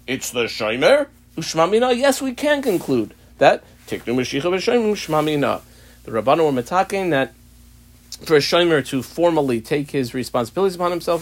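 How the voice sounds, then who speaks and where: Male Talmud teacher, reads text then explains, animated questioning delivery, slightly high voice. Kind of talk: daily page study lesson.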